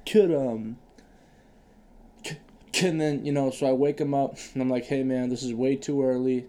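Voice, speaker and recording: A man's voice: mid-range voice, fairly even intonation, normal speed, dark tone. A young man co-hosting a casual podcast chat, laughing often, swearing a lot and stumbling on repeated k- sounds. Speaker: podcast co-host.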